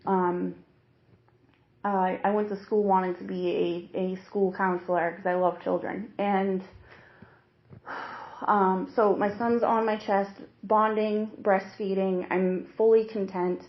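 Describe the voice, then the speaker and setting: A woman's voice: medium pitch, level tone. Young woman recounting an ordeal, roomy lo-fi. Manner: halting, earnest, many restarts. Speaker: interviewee, new mother. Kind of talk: emotional personal account. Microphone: hidden recorder. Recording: roomy, dull lo-fi secret recording.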